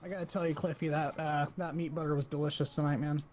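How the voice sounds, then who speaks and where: A man's voice: fairly high pitch, little pitch movement, quick pace, a little mellow, a little hiss or hum. A married man playing a co-op game with friends, teasing and joking in casual chat. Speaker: co-op gaming partner. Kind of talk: casual chat while gaming.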